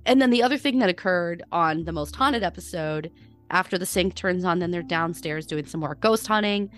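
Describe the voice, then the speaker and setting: Animated American woman, low voice. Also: normal speed, soft background music. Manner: animated storytelling, acts out quotes. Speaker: podcast co-host. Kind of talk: casual chat.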